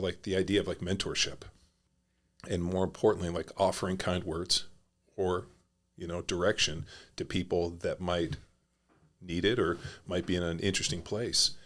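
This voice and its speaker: A man's voice: low-pitched, fairly even intonation, normal speed, fairly bright tone. A middle-aged man, a former pro football player, telling stories as a podcast guest in a rambling, blunt and profane way. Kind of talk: casual conversational storytelling.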